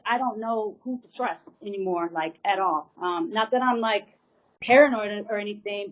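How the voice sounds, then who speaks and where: A woman in an interview rambles through an emotional personal account, circling back and repeating herself, with plenty of fillers. Her voice sits at an ordinary middle pitch. It comes through a narrow, phone-like line. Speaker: interview guest.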